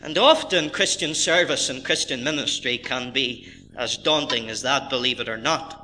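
A man's voice: medium pitch, moderate pace, sharp tone. A middle-aged man preaching a sermon as pastor, reading scripture and stressing key phrases with earnest, rising emphasis.

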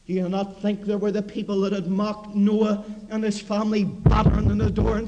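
High-voiced preacher in an echoey hall. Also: male voice, monotone, fairly quick, few pauses. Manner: swings from hushed low asides to loud impassioned shouting. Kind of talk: revival mission sermon.

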